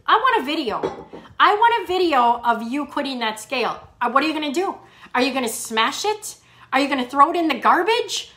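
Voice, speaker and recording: A middle-aged woman fitness coach chatting live with viewers, high-pitched and bright, with a clear edge to her voice. She is upbeat and encouraging and keeps repeating her main points for emphasis. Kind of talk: live chat reading viewer comments.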